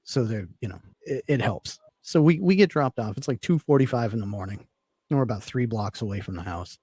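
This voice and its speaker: Husky-voiced man telling a long story. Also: medium pitch, animated, brisk, warm tone, dry recording. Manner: rambling, filler-heavy, laid-back. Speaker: podcast guest telling a story. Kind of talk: casual storytelling.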